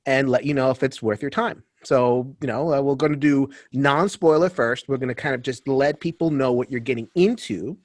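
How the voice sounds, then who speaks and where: A man's voice: medium pitch, normal speed, few pauses, no room sound, clean studio sound. A man hosting a casual book chat on a video call, upbeat and chatty, with frequent fillers. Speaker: host.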